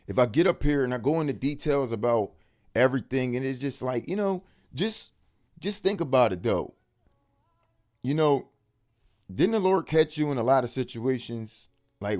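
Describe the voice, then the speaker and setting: Hyped man giving a slangy testimony. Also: medium pitch. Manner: excited, street slang, repeats words for emphasis. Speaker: religious video speaker. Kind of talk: casual faith testimony to camera.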